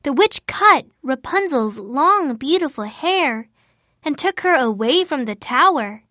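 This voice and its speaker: Lady reading a kids fairy tale, high voice, slow and careful, dry close sound. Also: expressive, sharp tone, no echo. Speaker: narrator. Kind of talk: storybook reading for language learners.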